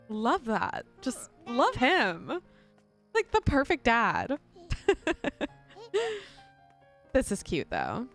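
This young gaming host has a high, fairly bright voice as she commentates her life-sim gameplay casually, frequently gushing and giggling in let's-play fashion.

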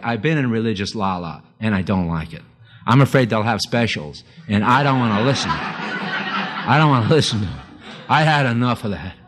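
Folksy older preacher. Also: male voice, fairly bright tone. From United States. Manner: folksy, self-deprecating, emotional storytelling with sudden high emphatic bursts. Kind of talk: sermon.

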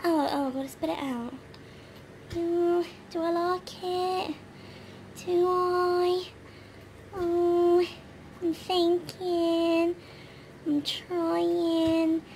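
A woman's voice: very high voice, little pitch movement, drawn-out words, pauses often, a little mellow, a little hiss or hum, exaggerated voice. A woman voicing a chatty young female pet dog, narrating her own doings in a chirpy, baby-ish way.

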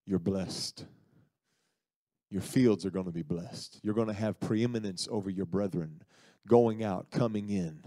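Brief: male preacher voicing an elderly blind patriarch, deep hushed solemn blessing, dry sound. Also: measured pace, no room sound. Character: old blind father, solemnly prophesying blessing.

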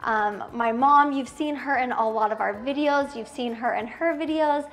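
A woman's voice: high-pitched, normal speed, a bit bright. A woman in her thirties giving a casual home tour, gushing and chatty with lots of fillers. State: tearful at times. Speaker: vlogger. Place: inside a home.

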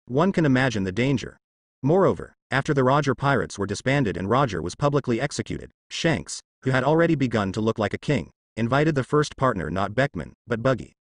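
Man narrating in a lively voice. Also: mid-range voice, a little fast, no room sound. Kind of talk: fan-fiction audiobook narration.

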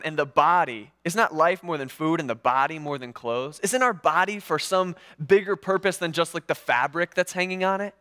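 A man preaching a sermon in a casual, conversational way, with animated, sarcastic asides. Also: on the high side. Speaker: pastor. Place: church.

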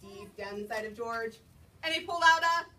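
Animated woman reading to children. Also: fairly high pitch, normal speed. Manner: animated, sing-song, asks children questions. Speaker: children's librarian. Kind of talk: storytime read-aloud. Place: library story room. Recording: distant mic, noisy room. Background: children answering.

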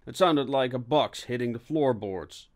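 A man's voice: mid-range voice, unhurried. Man narrating a steampunk audiobook. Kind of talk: scripted narration.

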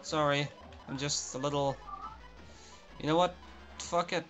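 A man's voice: a little high, steady tone, unhurried, pauses often, a bit bright, soft background music. A young man commentating his own gameplay, frustrated, swearing and muttering to himself. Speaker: let's play host.

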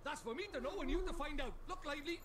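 A man's voice: extremely high pitch, racing, a crowd in the background. A man voicing a small, cheeky male fairy creature in a video game, bossy and full of folksy sayings.

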